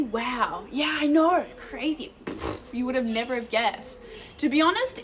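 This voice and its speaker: Walking through an Italian town, a young Australian woman chats casually with her live stream viewers, holding her phone out. Her medium-pitched voice is bright and forceful, and she wanders off topic and swears without restraint.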